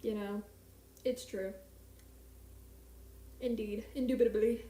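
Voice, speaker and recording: A woman's voice: fairly high pitch, normal speed, a little mellow, roomy sound. A young woman streamer chatting casually and rambling, with a self-mocking manner, in a small home apartment at night. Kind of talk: casual live-stream chat.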